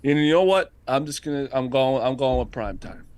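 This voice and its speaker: A man chatting casually on a sports podcast, animated and laughing often, restarting his sentences. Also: medium pitch, a little fast, clean tone, no room sound. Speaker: podcast panelist. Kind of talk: casual chat.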